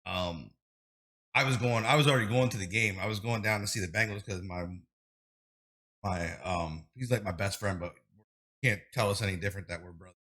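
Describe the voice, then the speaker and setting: A man in his thirties chats casually as a podcast guest. He rambles through animated stories, restarting sentences and piling on fillers. His voice sits a little low but sounds bright and forceful. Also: brisk. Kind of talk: casual interview chat.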